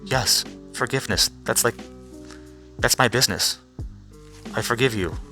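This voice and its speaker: A man's voice: mid-range voice, unhurried, pushed and bright, soft background music, voice pushed down. A man putting on a voice for a laid-back, forgiving stoner-dude Jesus who speaks in casual slang and swears.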